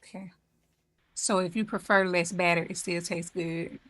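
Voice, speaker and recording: A woman's voice: lowish voice, steady tone, moderate pace, fairly bright tone. Southern lady from mississippi doing her cooking vlog, chatty and laughing a lot, talks to y'all. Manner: chatty, laughs often, addresses viewers as y'all. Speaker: cooking channel host. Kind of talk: casual chat.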